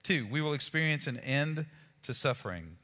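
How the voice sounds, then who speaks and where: A man preaching a sermon as pastor, in a conversational, animated way with casual asides to the congregation. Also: medium pitch, moderate pace, in a large hall.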